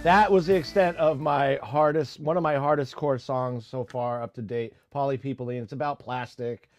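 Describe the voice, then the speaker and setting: A man's voice: medium pitch, steady tone, normal speed, no echo. A man hosting a casual music-making live stream, rambling with lots of fillers and restarts. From United States.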